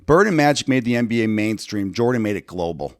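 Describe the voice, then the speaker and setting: A man hosting a podcast, excitedly retelling sports anecdotes in casual chat. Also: lowish voice, quick pace, no room sound, studio quality.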